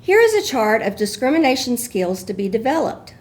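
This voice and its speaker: A woman giving measured, explanatory scripted narration as an instructor. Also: fairly high pitch, very animated, a little mellow.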